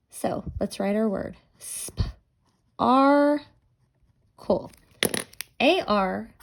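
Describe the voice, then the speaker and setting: A woman teacher walks young children through a phonics lesson, talking slowly and clearly. She stretches out each vowel sound so the kids can hear it, and her voice sits a little on the high side.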